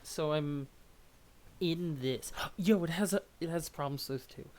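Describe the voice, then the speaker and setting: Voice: mid-range voice, measured pace, darkish tone. A young adult streamer rambling at home while reading a webcomic live. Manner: rambling, self-deprecating. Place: at home, under a blanket.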